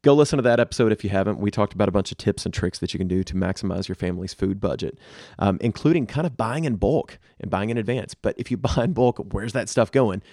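A man with a low, gravelly voice chats casually as a podcast co-host, offering practical tips to his listeners. The sound is close and dry, with no room around it. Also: quick pace, darkish tone, dry recording. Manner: conversational, advice-giving, addresses listeners directly. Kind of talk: casual chat.

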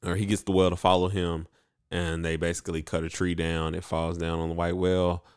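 A man with a very low voice talks through a story recap in loose, rambling sentences, stacking likes and ums as he goes. The sound is dry and close, with no room around it. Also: little pitch movement, brisk, smooth, no room sound. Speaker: podcast co-host. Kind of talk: casual anime recap chat.

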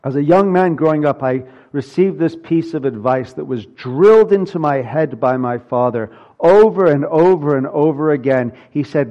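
A man's voice: a little high, moderate pace, hardly any pauses, warm tone, dull audio. A man preaching a sermon from the pulpit, earnest and building to emphatic peaks. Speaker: pastor.

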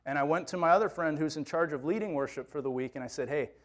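A man's voice: fairly high pitch, fast talker. A man who works with teens, preaching a sermon as a personal story in a conversational, self-quoting way. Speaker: youth minister preaching.

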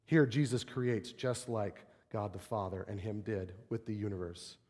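A man's voice: on the low side, normal speed, husky. A man preaching a sermon, telling stories and acting out the quotes he cites. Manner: animated storytelling, acts out quotes. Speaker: pastor. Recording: long reverb of a large hall.

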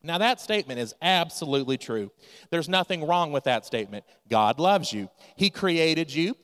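A man's voice: a little high, lively intonation, moderate pace, fairly bright tone, big-room sound. A man preaching a sermon, telling a story and acting out its characters' lines. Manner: storytelling preacher, acts out quoted dialogue. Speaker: pastor.

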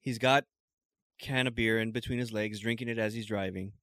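A man from California in casual podcast chat, telling a story in a relaxed, laughing way. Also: fairly low pitch, brisk, dry recording, studio quality. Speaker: podcast co-host.

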